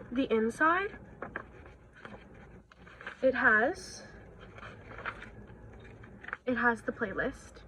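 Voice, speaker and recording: Young female vlogger, excitable and gushy, slightly high voice, home phone recording. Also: drawn-out words, long pauses, a little hiss or hum, low-quality recording. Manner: gushing, excitable, swears casually. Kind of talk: casual vlog chat. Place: at home indoors. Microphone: phone camera.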